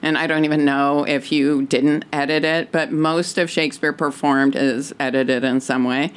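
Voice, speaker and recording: A woman's voice: low voice, steady tone, normal speed, clean tone. A woman casually explaining how a community theater picked its play, talking easily with plenty of fillers. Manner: easygoing, many fillers. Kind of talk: casual panel chat.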